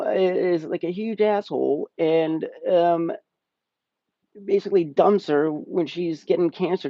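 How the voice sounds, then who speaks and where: A man's voice: high-pitched, gravelly, mellow, no echo. A young man casually reviewing a movie on a live stream, rambling and swearing, often laughing. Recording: slightly muffled dry stream audio.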